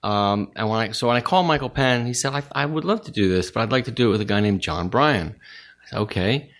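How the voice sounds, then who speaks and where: A man in his forties, a film director guest on a podcast, talking casually in halting stretches full of restarts and pauses. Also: mid-range voice, expressive, a bit bright. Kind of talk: casual conversation.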